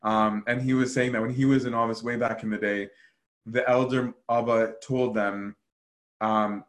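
A man with a medium-pitched voice casually tells monastery stories at a moderate pace. His storytelling is animated, packed with fillers, and he acts out the voices he quotes.

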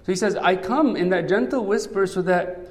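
A man's voice: sits high, fairly quick. A man preaching a sermon in a conversational way, often checking in with "right?". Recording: long hall reverb.

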